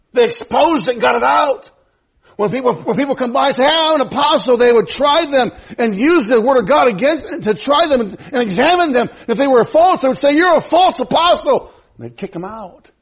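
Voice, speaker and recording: A man preaching a sermon, swinging between loud fervent exhortation and hushed, low pleading. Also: husky. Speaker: pastor.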